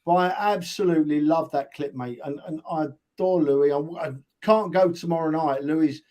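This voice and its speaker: A man's voice: a little high, moderate pace, warm tone. An older man co-hosting a fan podcast, earnest and heartfelt, stammering as he starts each thought. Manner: emotional, earnest, stammers on first words. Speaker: podcast co-host. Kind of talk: casual fan chat.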